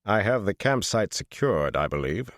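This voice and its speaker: A man reading an audiobook, voicing a menacing man who speaks softly, steely and wry. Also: fairly low pitch, sing-song, normal speed, no echo, clean studio sound. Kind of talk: audiobook character voice.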